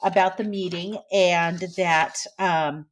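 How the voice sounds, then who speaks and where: A woman's voice: fairly low pitch, fairly even intonation, slow pace, a little hiss or hum. A woman co-hosting a casual news podcast, talking in a chatty way with restarts and fillers. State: tearful. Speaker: podcast co-host.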